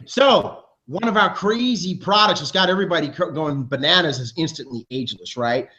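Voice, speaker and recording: Presenting awards on a team's video show, this male host is pumped up and talks rapidly. His sentences loosely restart, and the sound quality is dull and lo-fi.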